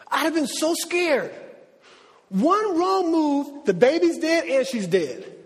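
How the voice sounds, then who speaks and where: A middle-aged man preaching a sermon in a lively, conversational way with slang. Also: very high-pitched, slow. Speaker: pastor. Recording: long reverb of a large hall.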